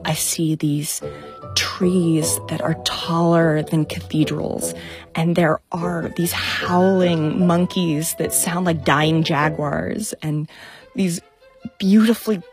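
A young adult woman scientist telling her own story with vivid enthusiasm. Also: deep voice. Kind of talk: storytelling talk.

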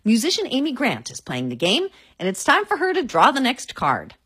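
A woman host reading a measured, scripted show introduction. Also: a little high, huge pitch swings, fairly bright tone, slightly rough. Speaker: podcast host.

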